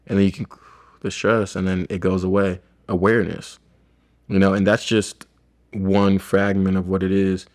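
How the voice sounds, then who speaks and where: A man with a very low voice and a flat, even delivery. He talks loosely and reflectively, rambling through stories in a relaxed conversation. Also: moderate pace. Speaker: chiropractor. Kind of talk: casual podcast conversation.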